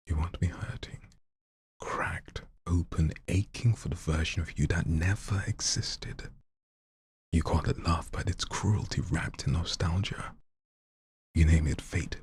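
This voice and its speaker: A very deep, breathy, husky-voiced host reads listeners' poems low and slow into a dry, close mic with no room sound. Between poems on the live show, his near-whisper gives way to loose, slangy chat.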